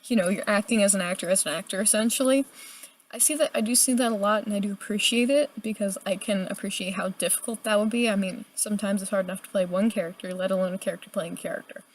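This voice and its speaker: A young adult woman giving a casual, chatty video review, animated and full of filler words. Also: mid-range voice, fast. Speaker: book reviewer.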